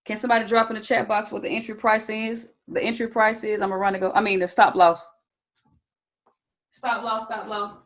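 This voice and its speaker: A woman's voice: mid-range voice, level tone, fairly quick, rough recording. Chatty young woman teaching a live class. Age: young adult. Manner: casual, chatty, addresses viewers as "you guys" and "y'all"; checks in often with "okay?" and asks for chat answers. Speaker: trading instructor. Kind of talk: live screen-share training session.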